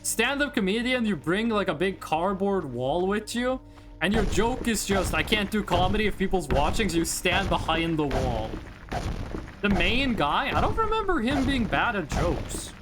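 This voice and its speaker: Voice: mid-range voice, big pitch swings, unhurried, music in the background. A streamer from Norway, a native Norwegian speaker, chatting casually and joking with viewers while playing a game. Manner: chatty, jokey, reacting loudly with laughs. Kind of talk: casual live-stream chat.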